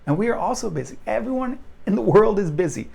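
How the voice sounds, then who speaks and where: A man's voice: high voice, expressive, fast talker, creaky, darkish tone, slightly rough. A young man vlogging straight to camera, blunt and self-deprecating in a casual rant. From United States.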